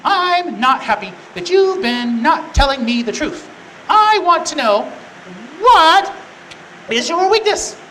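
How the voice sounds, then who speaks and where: A man voicing a scheming, sweet-talking biblical woman in a high, drawn-out coaxing falsetto. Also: expressive, roomy sound, slight background noise, low-quality recording. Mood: indignant.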